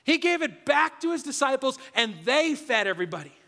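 A man with a strikingly high voice preaches to his congregation. He talks in a lively, conversational manner. His voice rings out in a church sanctuary with a long, lingering reverb. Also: a little fast, vocal fry. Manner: energetic, conversational preaching, drops to a hushed voice near the end. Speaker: pastor. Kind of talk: sermon. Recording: long reverb of a large hall.

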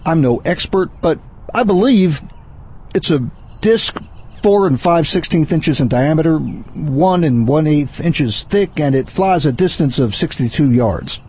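An actor playing a clueless, showboating male president with a husky voice, in a satirical sketch. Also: a little high, measured pace. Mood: smug. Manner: pompous, bumbling deadpan.

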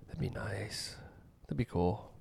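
A man's voice: fairly low pitch, expressive, slow, creaky, darkish tone, breathy edge, dry recording. A young man co-hosting a casual podcast chat, teasing his friends with jokes. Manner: joking, teasing banter. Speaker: podcast co-host.

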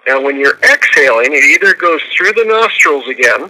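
A man on a radio talk show, walking listeners through a routine step by step and counting aloud. His voice sits a bit high and rings very bright and forceful. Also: very animated, normal speed, rough recording. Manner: explains step by step, counting out loud.

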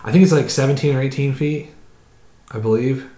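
A man chatting casually as a podcast co-host, rambling through a long story at an even, middling pitch. He keeps slipping into other people's voices mid-tale. The room carries a noticeable echo. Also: fairly quick. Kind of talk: casual chat. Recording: roomy echo.

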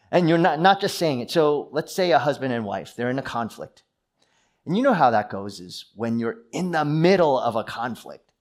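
A man preaching a sermon, earnest, with personal stories and questions to the listeners. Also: mid-range voice. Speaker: pastor.

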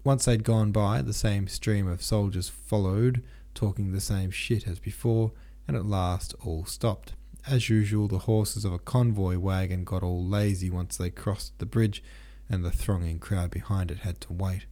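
A man's voice: lowish voice, steady tone, a little slow, warm tone. A man narrating an audiobook in a casual, slangy retelling.

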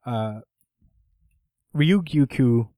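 A man co-hosting a casual manga chat, talking in an animated way, swearing often and acting out characters' lines. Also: mid-range voice, extremely slow, dry recording. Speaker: podcast co-host recapping manga.

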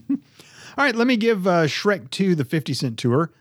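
A man's voice: high-pitched, sing-song, measured pace, no echo, studio quality. Blunt, foul-mouthed podcast man. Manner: swears often, blunt and joking. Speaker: podcast co-host. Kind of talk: casual chat.

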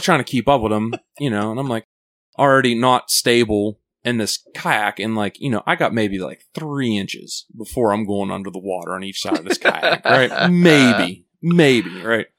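A man's voice: on the low side, moderate pace. A man telling a rambling, profane story on a casual podcast, laughing as he goes and filling his talk with "like" and "right?". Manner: animated, full of fillers like "like" and "right?".

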